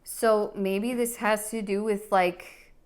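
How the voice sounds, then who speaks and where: A woman's voice: mid-range voice, fairly even intonation, slow pace, smooth. A woman giving a pick-a-card tarot reading, talking in an earnest, emotional way with many fillers and restarts. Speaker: tarot reader.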